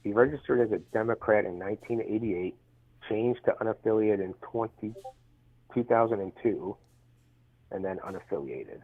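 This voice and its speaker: A male caller with a low, raspy voice argues over a tinny phone line. He is dismissive and mocking and repeats himself. His voice sounds thin and filtered. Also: normal speed. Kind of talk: heated call-in argument.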